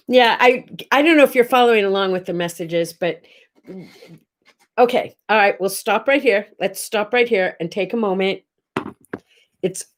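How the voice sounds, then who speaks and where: A woman's voice: mid-range voice, lively intonation, moderate pace. A middle-aged woman hosting a casual live morning chat, rambling and greeting viewers by name. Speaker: host.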